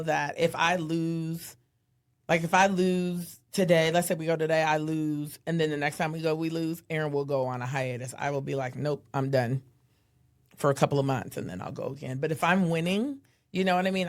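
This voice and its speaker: A woman in her thirties co-hosts a casual podcast, telling stories with lots of animation. She jumps into a higher voice to act out what people said. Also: creaky. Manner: animated storyteller, acts out quotes in a high voice. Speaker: podcast co-host. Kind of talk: casual chat.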